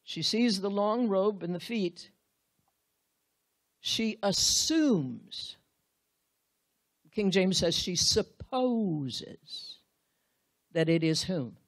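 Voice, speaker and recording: A woman preaching a sermon, with drawn-out, emphatic phrases and wide swings in pitch and loudness.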